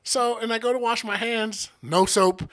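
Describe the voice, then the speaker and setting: A man co-hosting a podcast, telling profane, animated stories in casual chat. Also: very high voice, moderate pace. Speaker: podcast co-host.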